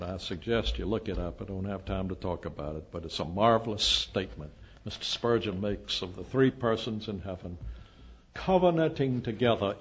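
An older man delivers a sermon with emphatic, declaiming force. His voice is low and husky. The recording is dull and lo-fi. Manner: emphatic, rising to loud declamation. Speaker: preacher.

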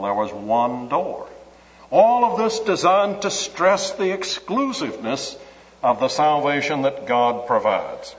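A man preaching a sermon, slow and emphatic, stressing key words and repeating phrases for weight. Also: a little high. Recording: dull lo-fi recording with long hall reverb.

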